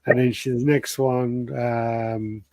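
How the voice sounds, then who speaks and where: A man with a mid-pitched voice, relaxed and conversational, who tells anecdotes and acts out what others said. The recording is dry and close. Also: slow, no echo. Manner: storytelling, acts out quoted lines. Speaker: podcast co-host. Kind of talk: casual chat.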